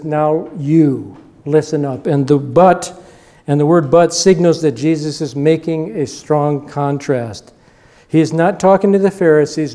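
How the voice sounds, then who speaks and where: A man's voice: a little high, warm tone. An older man preaching a sermon, explaining scripture and driving points home with short, emphatic repetitions. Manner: emphatic, repeating short punchy lines. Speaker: pastor.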